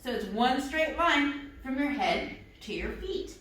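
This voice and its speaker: A woman's voice: high voice, animated, unhurried, a bit bright, recorded from a distance. A woman leading a guided yoga class for children and their adults, giving encouraging, playful instructions. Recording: echoey room, voice from off-mic.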